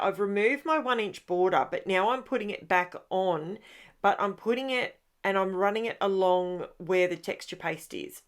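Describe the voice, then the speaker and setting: A woman narrates her craft project in a loose, chatty voice-over. She is sleepy and yawning, wanders off on tangents and catches her own slips along the way. Her pitch sits in an ordinary middle range for a woman. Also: clean tone. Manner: chatty and rambling, corrects herself mid-sentence. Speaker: craft channel host. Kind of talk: casual voice-over for a craft process video.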